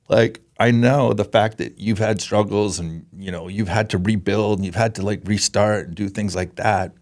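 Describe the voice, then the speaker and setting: A man in his forties from Canada, a podcast guest who speaks in an earnest, emotional way and often halts and restarts. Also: on the low side. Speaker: podcast guest, former pro hockey player. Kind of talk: candid interview talk.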